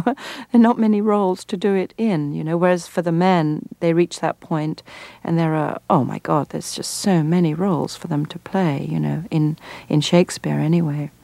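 Woman from England, middle-aged actress, lowish voice, dry close sound, measured and reflective. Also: creaky, dark tone, dry recording. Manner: thoughtful, frequent restarts and pauses. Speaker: actor, guest. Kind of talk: reflective interview answers.

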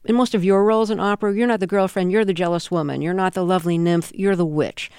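Female interview host, lowish smooth voice, playful and curious, dry studio sound. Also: steady tone, fast, a little mellow, dry recording. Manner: curious, laughs easily. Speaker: radio interviewer. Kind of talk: casual interview.

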